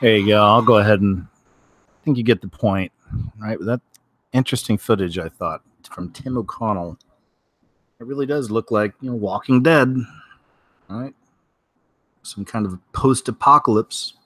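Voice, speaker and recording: A man's voice: fairly low pitch, a little slow, pauses often, fairly bright tone, no echo. A man hosting his show, giving casual, rambling commentary on video clips with many filler words. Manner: rambling, lots of "you know" fillers. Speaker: show host.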